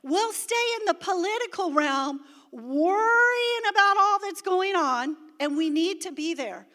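High bright woman preaching in a hall. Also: unhurried. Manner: animated testimony, rising to shouts. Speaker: pastor's wife preaching. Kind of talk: sermon. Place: large church hall. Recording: reverberant church hall.

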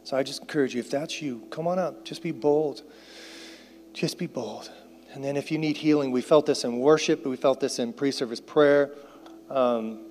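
A male pastor delivers an earnest sermon and altar call. He repeats key phrases and slips into soft, hushed prayer. His voice carries a long reverb from a large hall. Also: mid-range voice.

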